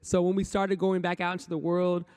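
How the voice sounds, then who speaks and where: A high-pitched man speaks from a conference stage, a poet and rapper. He gives a motivational talk in rhythmic bursts. He leads the audience through repeated affirmations in call-and-response. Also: monotone, brisk, darkish tone, clean tone.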